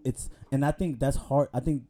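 A man's voice: mid-range voice, steady tone, moderate pace, mellow. Laid-back man telling stories in slang. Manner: laid-back slang storytelling, acts out quoted dialogue. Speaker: podcast co-host. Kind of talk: casual chat.

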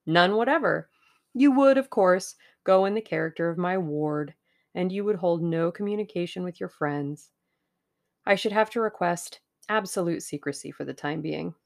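A smooth-talking businessman, middle-aged, genial and persuasive with a low gravelly edge to the voice, read by a woman in an audiobook. he leans in and sells the deal warmly but something calculating sits underneath. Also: moderate pace.

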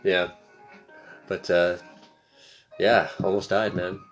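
A young man co-hosting a casual chat, telling a long story in a relaxed, rambling way and acting out the quotes. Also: low voice, slow pace, soft background music. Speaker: podcast co-host.

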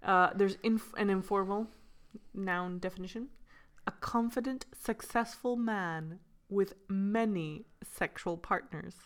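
A woman's voice: mid-range voice, takes it slowly. A woman co-hosting a casual podcast chat, playful and giggly as she reads definitions aloud. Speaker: podcast co-host.

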